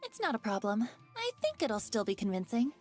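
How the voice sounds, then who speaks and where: A woman's voice: fairly high pitch, huge pitch swings, brisk, faint music behind, voice pushed up. A woman voicing a cheerful, chatty young woman who runs a corpse business. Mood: upbeat. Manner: bright, chatty, upbeat.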